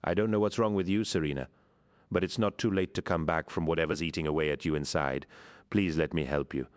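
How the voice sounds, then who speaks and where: A man's voice: steady tone, fairly quick. A man voicing a passionate male artist who speaks with urgent, exasperated energy. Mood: pleading. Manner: exasperated, urgent, raised pitch.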